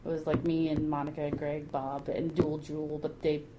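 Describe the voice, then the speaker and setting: A woman telling lively rambling anecdotes in a casual podcast interview, laughing often. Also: low voice, normal speed, dull audio. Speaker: guest artist. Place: anime convention. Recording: convention crowd noise behind.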